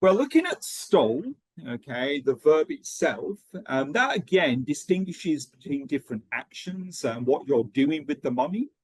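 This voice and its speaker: A man's voice: fairly high pitch, unhurried, husky, dry recording. A man leading an online teacher-training lesson, checking in often with "okay" as he explains. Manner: lively, checks in with frequent "okay".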